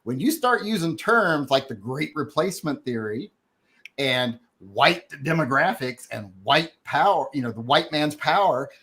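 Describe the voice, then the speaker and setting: A man's voice: on the high side, animated, a little slow, fairly bright tone. A man in a heated online debate, pressing his points while coughing now and then. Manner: argumentative, pressing questions.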